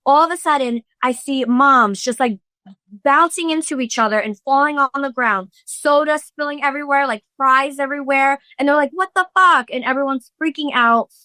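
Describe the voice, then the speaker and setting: A podcast host in her thirties tells a story in breathless casual chat, swearing freely and acting out what people said. Her voice is bright and tense, sitting a little high for a woman. The sound is dry and close, with no room echo. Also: normal speed. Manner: breathless, swearing, fillers, re-enacting quotes.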